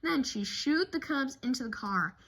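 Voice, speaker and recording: Animated woman reading a children's storybook. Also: high voice, moderate pace, poor audio. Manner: animated, expressive, with small slips. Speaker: narrator. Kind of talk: children's storybook read-aloud.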